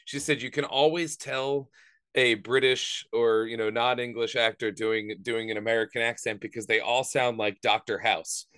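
A man co-hosting a podcast in casual chat, easygoing and agreeable, throwing in quick jokes. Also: mid-range voice, steady tone, fairly bright tone, clear, resonant tone. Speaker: podcast co-host.

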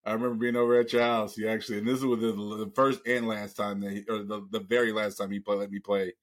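A man's voice: fairly low pitch, flat delivery, quick pace. A man hosting a podcast, telling a long profane story in casual chat and acting out the voices of the people in it. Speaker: podcast host.

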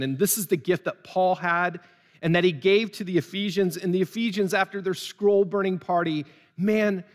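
A male pastor preaching an earnest sermon to people watching at home, telling stories and building to fervent appeals. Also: fairly high pitch. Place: church building. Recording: long reverb of a large church.

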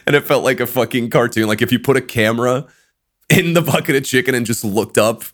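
A man's voice: medium pitch, brisk. A young man chatting casually on a podcast, telling crude, laughing stories. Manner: laughing storyteller, crude and animated. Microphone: headset or desk mic on a voice call.

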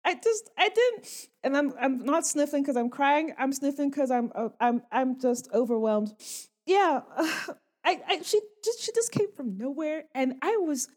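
Woman playing a nervous tiefling, stuttering, high voice, apologetic, jumpy. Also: sing-song, takes it slowly, fairly bright tone, exaggerated voice. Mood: overwhelmed. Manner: stammering, apologetic, awkward.

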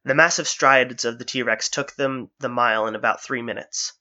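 Bright-voiced man narrating an adventure story. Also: medium pitch, steady tone, moderate pace, dull audio. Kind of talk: audiobook-style story narration.

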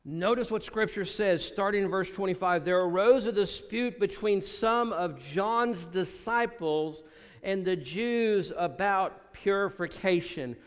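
A man preaching a sermon as pastor, often dropping low and quiet to stress a point. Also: a little slow, big-room sound.

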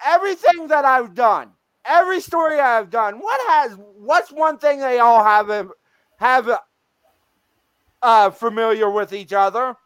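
A man with a very high voice hosts a casual live stream, speaking slowly and drawing his words out. He laughs often and gets excited about odd news. The sound is dry and close. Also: clean tone, no room sound. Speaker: streamer host.

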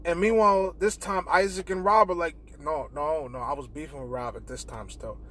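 A man's voice: fairly high pitch, brisk. Young man telling a profane story. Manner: profane, animated retelling with quoted dialogue. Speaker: podcast host. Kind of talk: casual storytelling. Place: in a car.

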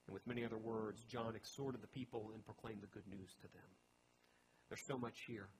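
A man's voice: medium pitch, fairly quick, noisy background. A man preaching a teaching sermon in a chatty way, with joking asides to his listeners. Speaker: pastor.

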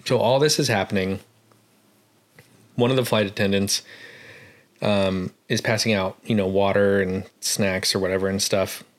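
A man's voice: lowish voice, steady tone, normal speed, long pauses. A young man casually telling a long story on a podcast, rambling, swearing and laughing often. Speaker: podcast co-host.

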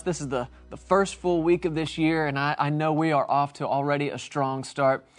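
Earnest, emphatic male TV preacher. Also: a little high. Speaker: preacher and broadcast host. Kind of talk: televangelist sermon.

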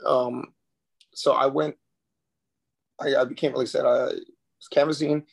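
Gravelly, husky-voiced man telling stories. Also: medium pitch, flat delivery, unhurried. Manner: earnest, with frequent restarts. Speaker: podcast guest, former Marine recruiter. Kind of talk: casual storytelling.

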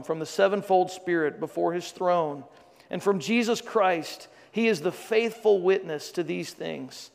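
High gravelly pastor preaching in a hall. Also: male voice. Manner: dramatic scripture reading with joking asides. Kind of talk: sermon with scripture reading. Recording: long reverb of a large hall.

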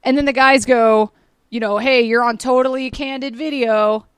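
A woman's voice: on the high side, steady tone, normal speed, clear, resonant tone, dry recording. A woman hosting a comedy podcast, chatting casually, laughing often and acting out quotes. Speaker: podcast host.

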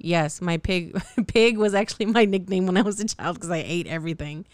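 A woman's voice: fairly low pitch, a little fast, no room sound, studio quality. A woman in her thirties hosting a candid solo podcast, blunt and profane, laughing often at herself, her throat a little sore. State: slightly sore, scratchy throat. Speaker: podcast host.

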